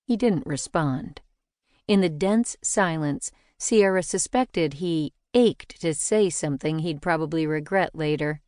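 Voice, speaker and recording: A woman narrating a mystery novel in a measured, even storytelling delivery. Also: deep voice, no room sound, clean studio sound. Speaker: audiobook narrator. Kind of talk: scripted narration.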